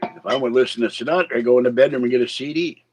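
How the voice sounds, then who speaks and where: A man's voice: mid-range voice, rapid-fire, slight background noise, low-quality recording. A man hosting a casual livestream, rambling with chuckling asides to chat, with a slight slur in his speech. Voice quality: slight slur from missing teeth. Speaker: livestream host.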